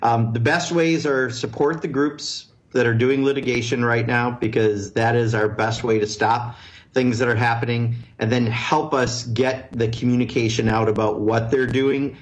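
A man's voice: mid-range voice, steady tone, moderate pace, poor audio. A man, a congressman, answering callers on a radio show in a blunt, earnest way with many fillers. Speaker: congressman guest.

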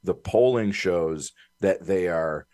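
A man talking politics on a discussion show, animated and getting fired up as he argues his points. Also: low voice, takes it slowly, no room sound, clean studio sound. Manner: animated, building to fired-up emphasis. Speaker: political commentator. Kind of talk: political talk radio discussion.

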